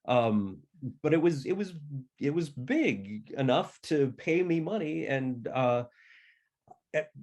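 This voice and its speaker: A man's voice: a little high, animated, slow, darkish tone. Middle-aged man telling casual stories. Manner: chatty, acts out family members' voices in anecdotes. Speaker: author guest. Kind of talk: casual storytelling conversation.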